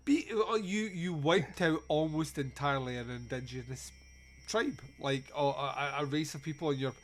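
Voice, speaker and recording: A man's voice: a little high, normal speed. A man hosting a podcast, recapping a film in casual, sweary, joking chat. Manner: sweary, jokey, quotes scenes in put-on voices. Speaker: podcast host.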